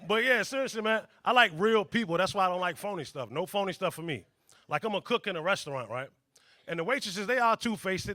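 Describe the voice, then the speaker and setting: A man doing a stand-up comedy set on a club stage, loud and animated, acting out characters, with laughter behind him. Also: high voice. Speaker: student stand-up comic. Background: audience laughter.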